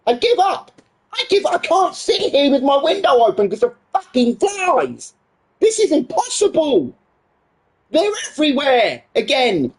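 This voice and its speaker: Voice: high-pitched, very animated, moderate pace, breathy edge. A gaming streamer ranting on a live stream in an exasperated, heavily swearing way.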